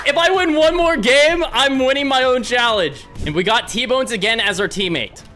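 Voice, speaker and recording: High-pitched excitable gaming commentator. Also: male voice, moderate pace, hardly any pauses, music in the background. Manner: excitable, yelling at teammates. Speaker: gaming YouTuber. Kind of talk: gameplay commentary.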